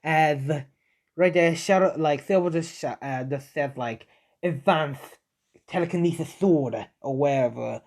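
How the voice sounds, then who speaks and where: A man's voice: on the high side, steady tone, a little slow, gravelly. A young man narrates an improvised fan story in a loose, rambling way. He leans on fillers and keeps correcting himself mid-sentence.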